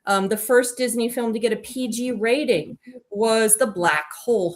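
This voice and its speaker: A woman's voice: on the high side, moderate pace. A woman co-hosting a casual film discussion, enthusiastic and digressive, often correcting herself mid-sentence. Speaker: podcast co-host and author.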